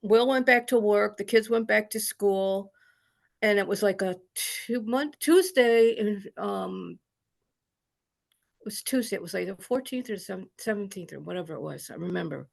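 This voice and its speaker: A woman's voice: medium pitch, normal speed, vocal fry. A woman sharing a personal story in an online group, earnest and rambling, with many restarts. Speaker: study group participant. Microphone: video call.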